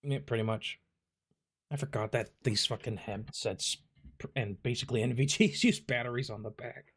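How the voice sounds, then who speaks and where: A gaming streamer commentates casually on his gameplay, swearing often and telling stories with lots of energy. His voice is husky and medium-pitched, at a normal speed.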